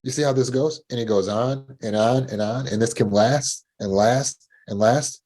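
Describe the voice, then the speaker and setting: A man's voice: mid-range voice, moderate pace, a little mellow. A man coaching listeners about panic, in a teaching talk, who acts out anxious inner voices in a rising tone and repeats words as he restarts. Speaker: trauma recovery coach.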